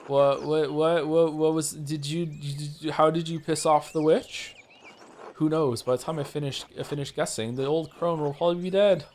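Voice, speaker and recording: A man's voice: a little high, fairly even intonation, moderate pace, darkish tone, slight background noise. A man streaming a game, reading its text aloud and swearing often in rambling asides, stumbling over names. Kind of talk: live game stream read-along.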